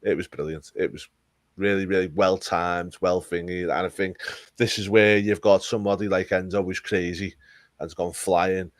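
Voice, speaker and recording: A man's voice: low voice, flat delivery, normal speed, dry recording. A man co-hosting a casual wrestling review podcast, enthusiastic and rambling, repeating words for emphasis. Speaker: podcast co-host.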